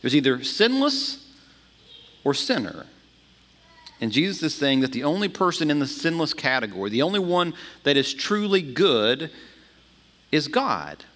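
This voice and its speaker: Animated male pastor, sermon, restarts words; voice a bit high, long hall reverb. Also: unhurried, long pauses. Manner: animated, repeats words when starting phrases.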